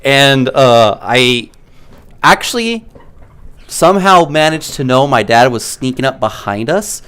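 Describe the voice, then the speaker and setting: A gaming streamer telling casual, animated stories to his chat, with many "like" fillers. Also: mid-range voice, measured pace, smooth. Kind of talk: casual storytelling while streaming.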